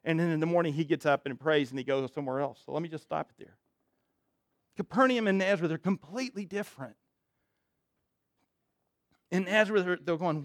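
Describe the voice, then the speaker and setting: Recorded in a clean studio with no echo, an emphatic pastor preaches a little fast and pauses often. He reads scripture aloud, comments conversationally, and drops low and quiet when he wants emphasis.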